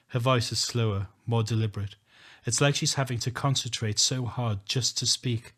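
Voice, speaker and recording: A man's voice: mid-range voice, fairly even intonation, moderate pace. Man, audiobook narrator, earnest first-person telling. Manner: earnest, emotional, rising to shouting.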